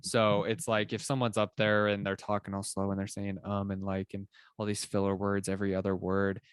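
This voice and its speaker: A young man with a fairly low voice talks through his ideas in a loose, animated way, often leaning on filler words as he explains. He co-hosts a casual podcast chat. The sound is close and dry. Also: fairly quick, clear, resonant tone, no echo. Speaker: podcast co-host.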